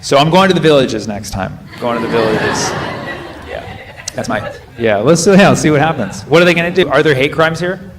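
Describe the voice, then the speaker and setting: A fairly high-voiced man on a comedy stage, working the crowd in a loose, riffing way. He keeps tossing quick questions at the audience and builds jokes off the answers, with a faint hiss under the recording. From United States. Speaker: stand-up comedian. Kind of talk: stand-up crowd work.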